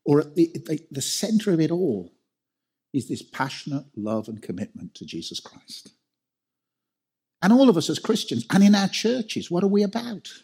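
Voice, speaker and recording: Husky-voiced male preacher. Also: on the high side, very animated, normal speed, mellow. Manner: emphatic, with rhetorical questions and repetition. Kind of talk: sermon.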